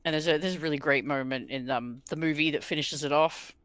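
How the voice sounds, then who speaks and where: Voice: mid-range voice, fairly quick, no room sound. A stream co-host chatting casually during a game and telling stories with animation. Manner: animated storyteller. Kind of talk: casual chat while gaming.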